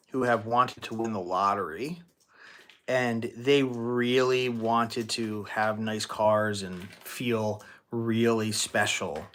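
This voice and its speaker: A man hosting a live-stream Q&A as a manifestation coach, talking casually with many restarts and fillers and thanking donors excitedly. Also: medium pitch. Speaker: manifestation coach and livestream host. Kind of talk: live-stream Q&A, answering viewer questions.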